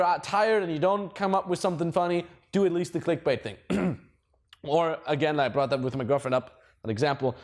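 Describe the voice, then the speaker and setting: A man giving casual dating advice, swearing a lot and laughing at his own stories. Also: a little high. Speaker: dating coach.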